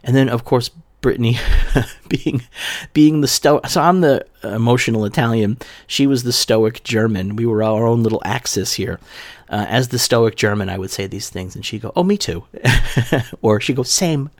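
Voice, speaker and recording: A man speaks with deep emotion, heartfelt and open, as a podcast host. His mid-pitched voice swells and drops with feeling. The sound is dry and close, with no room around it. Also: fairly even intonation, normal speed, no echo. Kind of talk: reading a eulogy, then casual podcast talk.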